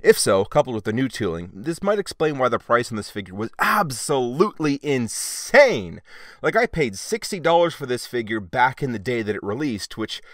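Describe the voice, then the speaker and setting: A man's voice: medium pitch, sing-song, moderate pace, dry recording, clean studio sound. A man giving a casual, wry toy review with chatty, sarcastic asides.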